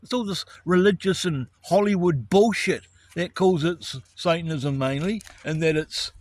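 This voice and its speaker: A man's voice: on the high side, normal speed, dry recording. A man, ranting in an angry, profane monologue about righteous indignation. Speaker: vlogger.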